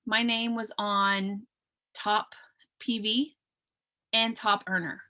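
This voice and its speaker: Bright-voiced woman in her thirties. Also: mid-range voice, flat delivery, slow pace. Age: 30s. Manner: earnest, chatty, many fillers and restarts. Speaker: team leader hosting a business call. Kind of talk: casual motivational talk on a video call.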